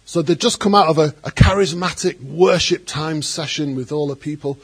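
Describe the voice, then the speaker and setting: A man preaching a sermon as pastor, animated, acting out quoted voices and adding joking asides. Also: on the high side, normal speed, husky.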